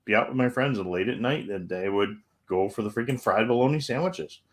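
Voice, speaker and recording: A man's voice: lowish voice, fairly quick. Easygoing man co-hosting a chat show. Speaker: co-host. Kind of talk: casual chat, reading viewer messages.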